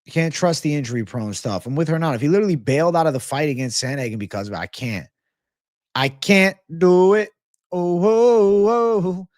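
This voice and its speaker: A fast-talking, expressive man with a mid-range voice runs a live sports betting show, speaking right to his live chat. He's laid-back and slangy and swears freely, and the studio-quality sound has no echo.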